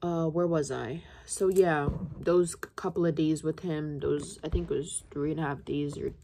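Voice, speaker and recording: A woman's voice: sits low, fairly even intonation, normal speed, noisy background. A young woman in her late teens telling a personal story to her viewers in a casual, rambling, confiding way, full of fillers. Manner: rambling, confiding, heavy use of "like". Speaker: vlogger.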